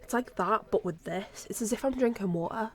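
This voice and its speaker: A woman's voice: medium pitch, fairly quick. A young woman chatting casually on a live stream, bubbly and rambling, with a sore throat. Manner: chatty, bubbly, drifts into whispers.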